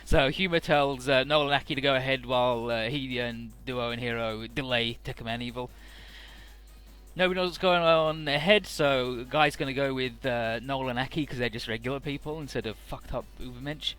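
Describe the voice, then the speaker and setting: A man's voice: mid-range voice, steady tone, fairly bright tone, smooth, faint music behind. A man hosting a casual game playthrough, recapping the story and swearing casually. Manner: paraphrases dialogue in quick put-on snippets. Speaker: let's-play host.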